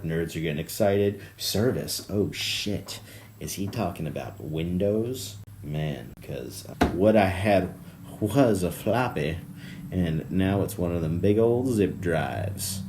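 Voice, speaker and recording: Deep-voiced rambling man, profane and laughing. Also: animated, unhurried. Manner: swings from low mumbles to loud laughing bursts, profane and tangent-prone. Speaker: podcast host. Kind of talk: rambling comedic monologue.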